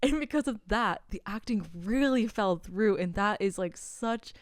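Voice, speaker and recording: A woman's voice: mid-range voice, lively intonation, unhurried, dry recording, clean studio sound. A young adult woman co-hosting a podcast, talking candidly and with animation, often mocking herself in casual chat. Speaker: podcast co-host and filmmaker.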